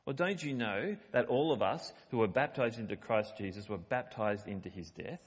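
With a lowish, breathy voice at normal speed, a middle-aged male preacher reads from scripture and explains it. His delivery is conversational yet emphatic on the quoted lines, recorded with long hall reverb.

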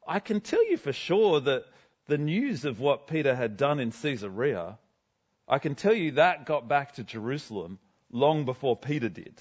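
A man's voice: medium pitch, very animated, moderate pace, a little mellow, slightly rough, dull audio. A man giving a first-person sermon in character as a cheerful, chatty apostle, talking to a congregation in a school gym. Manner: chatty, self-deprecating, bubbly. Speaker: guest speaker.

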